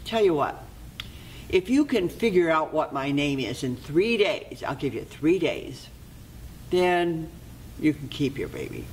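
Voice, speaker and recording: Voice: mid-range voice, very animated, unhurried, a little hiss or hum. A storyteller voicing a small, sly, bargaining magic man in a spoken folk tale, in a matter-of-fact, teasing way, with faint room ambience.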